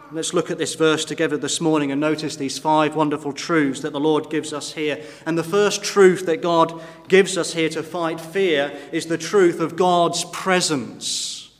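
A man's voice: on the high side, a bit bright. A man preaching a sermon in church, earnest and emphatic, building in force at key points. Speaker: pastor. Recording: long reverb of a church hall.

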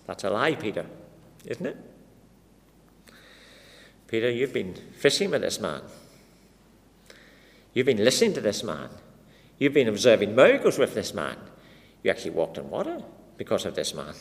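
A man's voice: fairly low pitch, huge pitch swings, moderate pace, gravelly, pauses often. A man preaching an expository sermon, dramatic and full of rhetorical questions put to his listeners. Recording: long reverb of a large hall.

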